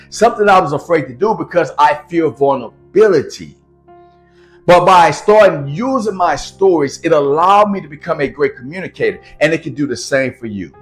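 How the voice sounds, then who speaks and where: A man coaching storytelling in casual talk to camera, speaking plainly in an urban American street dialect. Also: fairly high pitch.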